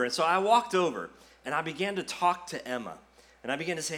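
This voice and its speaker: A man's voice: fairly high pitch, lively intonation, a little fast. A man in his forties, a pastor telling a family story with small jokes in a Sunday sermon, then praying. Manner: storytelling, quips and jokes, then prays softly.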